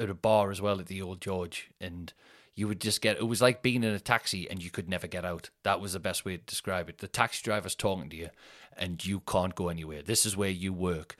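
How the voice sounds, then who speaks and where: A man's voice: low voice, fairly bright tone. A man, telling rambling, sweary comic stories as a podcast host. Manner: rambling, swears, laughs at his own stories. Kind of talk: casual comic storytelling.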